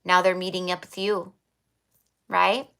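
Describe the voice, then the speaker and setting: A woman with a somewhat low voice reads tarot cards on a livestream. She talks in a chatty way, full of fillers, and repeats her affirming spiritual phrases. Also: little pitch movement, a little slow, gravelly, a bit bright, smooth. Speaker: tarot reader.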